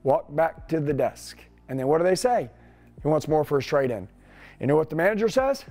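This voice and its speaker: A man coaching salespeople in an energetic, punchy way, firing off rhetorical questions. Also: a little high, fairly quick, faint music behind. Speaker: sales trainer.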